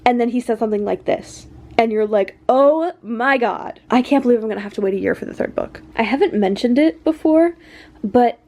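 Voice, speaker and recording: A woman's voice: on the high side, fast talker, warm tone. A young woman vlogging about a book she is reading, gushing and flustered, talking straight into her camera and filling her sentences with "like". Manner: gushing and flustered, heavy use of "like". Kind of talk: excited casual book chat. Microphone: camera mic.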